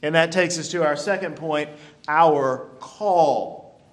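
A man preaching a sermon, stretching out key phrases with deliberate emphasis. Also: fairly high pitch. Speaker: pastor.

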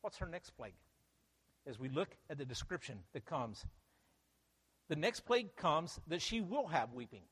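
A man delivers a sermon with a high, animated voice that climbs and drops as he stresses his points. He keeps throwing rhetorical questions at the listeners. His voice carries a long reverb from a large hall. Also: normal speed, long pauses, breathy edge. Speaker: preacher.

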